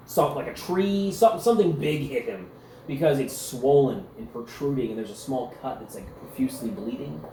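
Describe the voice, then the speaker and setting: A man's voice: medium pitch, darkish tone, slight background noise. A man as game master narrating a tabletop game in a loose, descriptive way, with frequent filler words. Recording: echoey room with faint ambience.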